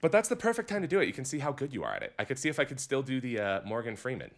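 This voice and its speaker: A man co-hosting a podcast in casual chat, animated and quick to laugh, often restarting sentences. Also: medium pitch. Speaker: podcast co-host.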